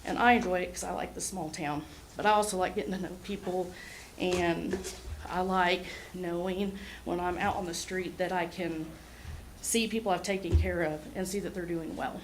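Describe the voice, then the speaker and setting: A woman's voice: on the low side, fairly even intonation, normal speed, background noise. A woman, an ambulance service administrator speaking earnestly and a little nervously at a city meeting. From Oklahoma. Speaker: EMS administrator. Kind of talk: public remarks at a city meeting. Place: city hall meeting room.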